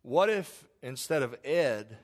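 A man preacher delivering a sermon in folksy, animated storytelling, stumbling over restarts and asking listeners directly whether they follow him. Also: mid-range voice, slow. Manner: talks directly to listeners with questions.

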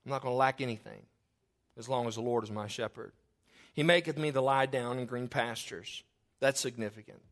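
A male pastor delivers a funeral sermon at a middle pitch. He preaches earnestly and leans into the scripture lines as he reads them aloud. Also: a little fast, a bit bright.

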